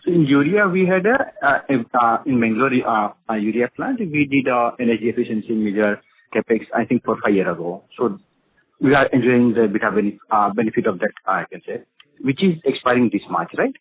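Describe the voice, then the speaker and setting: A male analyst asking questions on an earnings call, halting with many fillers and uneven loudness, heard over a muffled phone line with background noise. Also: mid-range voice, lively intonation, husky, dry recording.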